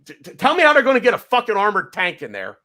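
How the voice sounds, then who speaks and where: A man's voice: high-pitched, wildly swooping pitch, fast talker, bright, forceful tone. An American man hosting a podcast, worked up and swearing, repeating phrases and talking over the others. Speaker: podcast host. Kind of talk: heated podcast rant.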